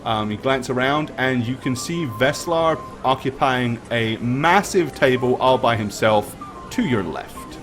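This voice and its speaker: A man's voice: mid-range voice, lively intonation, unhurried, a bit bright. A man narrating a tabletop game as game master, in a casual, chatty way. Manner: casual, chatty, thanks viewers. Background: background music.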